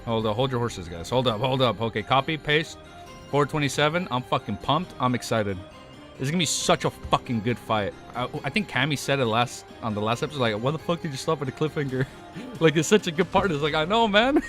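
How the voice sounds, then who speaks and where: A man's voice: medium pitch, lively intonation, a little fast, fairly bright tone, soft background music. Hyped, swearing young man streamer. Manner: hyped, swearing a lot, rambling with restarts. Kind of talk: casual live-stream chat.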